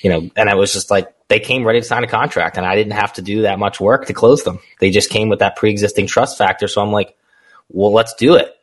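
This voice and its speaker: A man's voice: lowish voice, a little fast, breathy edge. A man guesting on an interview show, talking about his small business in a candid, storytelling way and laughing easily. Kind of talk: casual interview conversation.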